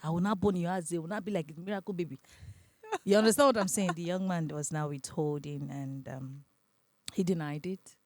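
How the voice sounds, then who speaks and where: Nigerian woman telling a lively story. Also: on the low side, fairly quick, no echo. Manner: animated, acts out quoted voices, laughs often. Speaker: podcast guest. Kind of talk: casual storytelling interview.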